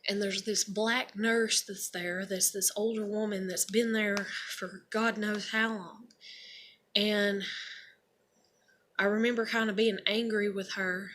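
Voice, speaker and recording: A woman's voice: mid-range voice, flat delivery, slow pace, a bit bright, slight background noise. A young woman casually telling a personal story, rambling and blunt, with lots of fillers and casual swearing. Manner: rambling, heavy on fillers like "like" and "you know". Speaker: vlogger.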